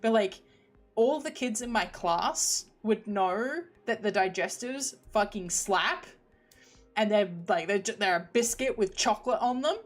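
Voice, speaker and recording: Brief: young UK woman streamer, bouncy lively pitch, rambling and giggly, soft music underneath. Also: measured pace. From United Kingdom. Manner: rambling, giggly, trailing off into mumbles. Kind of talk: casual stream chat. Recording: faint background music.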